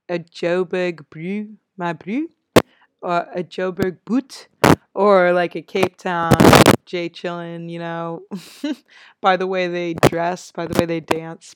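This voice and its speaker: Chatty young American woman, lowish voice. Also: noisy background. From United States. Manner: chatty, upbeat, laughs often. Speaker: podcast host. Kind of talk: casual solo chat.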